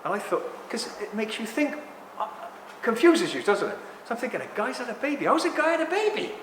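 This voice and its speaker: A man in his sixties talking to a live audience in a rambling, animated way, often apologizing for ranting. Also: extremely high pitch, a little fast, a little hiss or hum. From England. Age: 60s. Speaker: speaker at a talk. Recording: echoey hall with long reverb.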